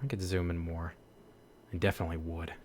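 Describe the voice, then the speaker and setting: A man's voice: deep voice, flat delivery, brisk, darkish tone, slight background noise. A young man voice actor chatting casually with viewers, rambling with lots of "like" and laughing at himself. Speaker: voice actor streamer. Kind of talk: casual chat.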